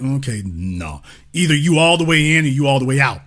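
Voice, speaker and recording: Emphatic American man, lively and bright. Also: medium pitch, a little fast. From United States. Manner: emphatic, preacher-like, repeats lines for effect. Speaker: commentator in a cultural discussion. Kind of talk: impassioned talk to an audience.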